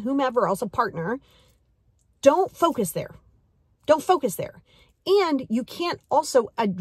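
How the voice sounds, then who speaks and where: A woman's voice: a little high, a little mellow, breathy edge, no room sound, studio quality. A woman in her forties giving a motivational talk as a life coach, earnest and direct, repeating key phrases for emphasis.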